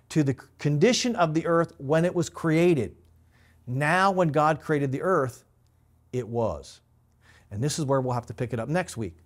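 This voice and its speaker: A male pastor giving a methodical Bible lesson, explaining grammar step by step and stressing key words. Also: on the high side. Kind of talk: Bible teaching.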